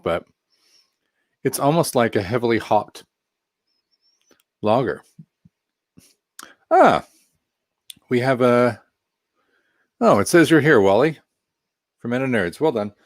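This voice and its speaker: A man with a medium-pitched voice reviews a craft beer on a live stream, recorded with studio quality and no echo. He rambles casually, reads viewer comments, and tosses in self-deprecating asides.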